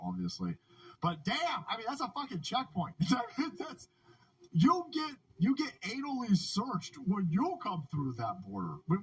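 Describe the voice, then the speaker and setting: A man's voice: high voice, slight background noise, low-quality recording. A man hosting a political livestream, ranting in a casual, profane way and often laughing. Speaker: livestream host. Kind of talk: casual political commentary stream.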